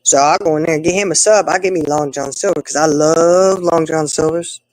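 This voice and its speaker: A woman's voice: fairly quick, no echo, poor audio. Chatty woman telling stories. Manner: chatty storyteller, animated with big swings in pitch. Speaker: co-host. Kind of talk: casual chat.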